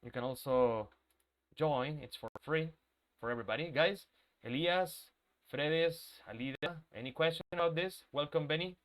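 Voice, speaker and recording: A male English teacher with a sore throat runs a live online class, his voice a little high and his pace normal. He is patient, checks in with students, and repeats the key points.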